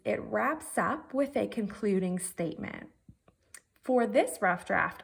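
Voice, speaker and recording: A woman's voice: medium pitch, vocal fry, slightly rough. A woman teacher giving a virtual writing lesson, working through her draft methodically and thinking aloud step by step.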